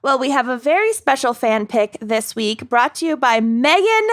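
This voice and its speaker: A woman's voice: high voice, sing-song, moderate pace, fairly bright tone. Joking woman co-hosting a podcast. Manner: wry, joking, laughs often. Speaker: podcast co-host. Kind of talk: casual chat.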